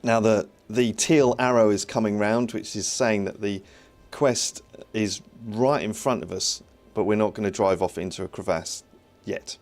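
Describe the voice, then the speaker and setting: A man's voice: on the low side, measured pace, a little mellow, soft background music. A man streaming live as he builds his own game, chatting, reading viewer comments and thinking aloud with a self-mocking humour.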